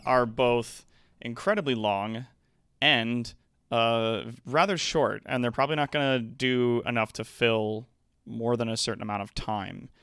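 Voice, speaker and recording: A man's voice: medium pitch, fairly bright tone, smooth, no room sound. A man chatting casually to his viewers as host of a live stream, upbeat and rambling with plenty of fillers, on a close desk microphone.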